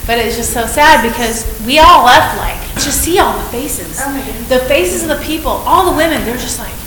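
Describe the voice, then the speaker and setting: A woman's voice: sits high, expressive, brisk. A woman eagerly telling a story in a casual group conversation. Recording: echoey room with background noise.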